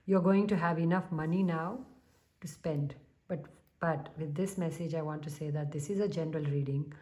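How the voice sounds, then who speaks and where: A woman speaks in a low, mellow voice as she gives a spiritual tarot reading to her viewers. She talks calmly and unhurriedly, often pausing with a soft hum. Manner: calm, unhurried, with soft humming pauses. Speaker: tarot reader.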